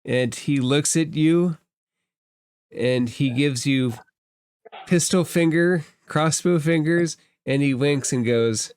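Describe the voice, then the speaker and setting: A man narrating a tabletop game as game master, slow and deliberate. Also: fairly high pitch, a little mellow, clear, resonant tone, no echo.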